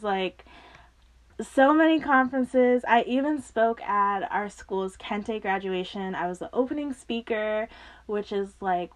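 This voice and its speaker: Speaking at medium pitch, a twentysomething woman recounts something personal on her podcast. Her telling is loose and animated, punctuated by laughter and impressions of what people said.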